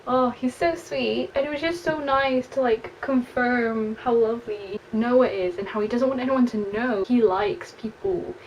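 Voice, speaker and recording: A woman's voice: fairly high pitch, measured pace, highs cut off. Chatty young English woman reviewing books. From England. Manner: chatty and expressive, frequent "like" fillers. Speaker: book vlogger. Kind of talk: casual book review, reading passages aloud. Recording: slightly distant mic with faint room noise.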